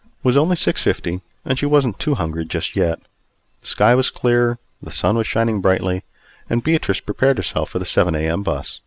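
A man's voice: on the low side, moderate pace, no echo. A man narrating a story expressively and acting out each character in turn. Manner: expressive, acts out every character.

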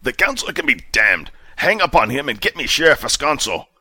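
A man's voice: mid-range voice, very animated, brisk, bright, forceful tone, breathy edge, dry recording, pitched above the performer's own voice, full character voice. Man doing a harsh, domineering sheriff. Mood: commanding. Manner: clipped commands, domineering. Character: harsh, impatient male sheriff commander.

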